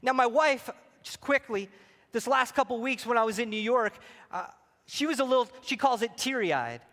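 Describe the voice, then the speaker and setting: A man preaching a sermon as pastor, swinging between near-shouted exclamations and quiet, hushed passages. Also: very high voice, expressive, moderate pace, big-room sound.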